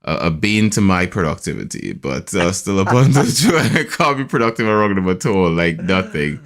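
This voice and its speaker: A man hosting a podcast, telling a family story in a hesitant, animated way and mimicking a child's voice. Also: moderate pace. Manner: animated storytelling, acts out his son's high voice; hesitant, many restarts and fillers. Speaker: podcast host. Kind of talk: casual chat.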